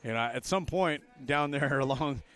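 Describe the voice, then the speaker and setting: An older man doing live play-by-play for a college basketball game, jokey and excitable, with loud calls on big plays. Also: mid-range voice, moderate pace, crowd noise. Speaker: play-by-play commentator. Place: courtside broadcast booth in a gym.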